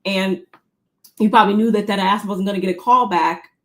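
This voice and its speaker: A woman's voice: mid-range voice, steady tone, brisk, a bit bright. A woman co-hosting a casual gossip show, throwing shade with dismissive rhetorical questions. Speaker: co-host.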